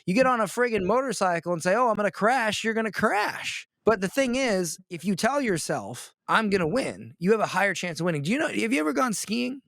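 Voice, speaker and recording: A man's voice: high-pitched, animated, brisk, vocal fry, few pauses, fairly bright tone, no echo, clean studio sound. A man from Florida giving a blunt pep talk as a business coach on a casual call, full of rhetorical questions.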